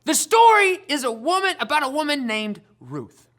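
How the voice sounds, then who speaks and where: A woman hosting a children's church show, telling a Bible lesson in a playful, animated storytelling manner. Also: high-pitched, moderate pace. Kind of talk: lively kids' Bible lesson.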